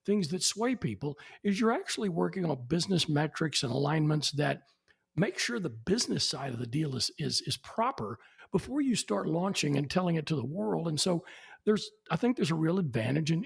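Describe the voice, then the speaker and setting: His voice is a little high, gravelly and slightly rough. He's in his 70s, a podcast guest telling anecdotes with animation and acting out whoever he quotes.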